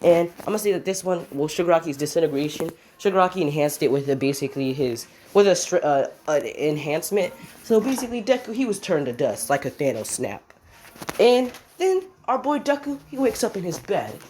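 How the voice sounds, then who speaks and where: A woman's voice: fairly low pitch, big pitch swings, a little fast, a little mellow, a little hiss or hum. A woman casually improvising a fan story, rambling with restarts and swearing.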